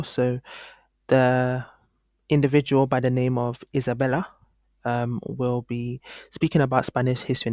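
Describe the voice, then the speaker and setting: This man, an online course instructor, works through a software demo on screen, musing casually and restarting often between ums. His voice is mid-range, recorded dry at studio quality.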